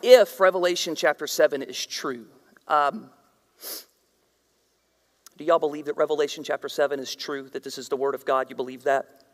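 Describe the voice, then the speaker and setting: High-voiced preacher in a big echoing hall. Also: male voice, steady tone, normal speed, pauses often. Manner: swings from shouted emphasis to hushed whispers. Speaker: pastor. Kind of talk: sermon. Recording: reverberant hall, voice at times far from mic.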